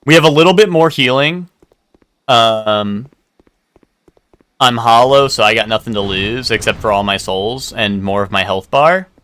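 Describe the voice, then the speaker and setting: A man's voice: medium pitch, measured pace, pushed and bright, no echo. A man streaming a game live, chatting casually with a rambling, swearing, laughing manner. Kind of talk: casual live gameplay commentary.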